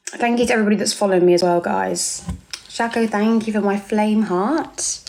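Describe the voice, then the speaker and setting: On her live stream, a young woman with an English accent talks casually at normal speed, her medium-pitched voice a little mellow. She goes through viewer comments aloud, addressing people as darling.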